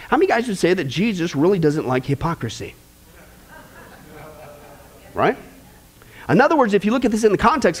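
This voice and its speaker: A man preaching a sermon with passion, scolding and acting out quoted voices. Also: very high-pitched. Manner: impassioned, scolding, acts out quotes.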